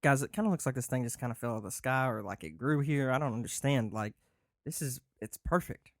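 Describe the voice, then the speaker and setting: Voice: mid-range voice, fairly quick, dry recording, clean studio sound. A player in a tabletop game, often speaking as their character and firing off questions in bursts.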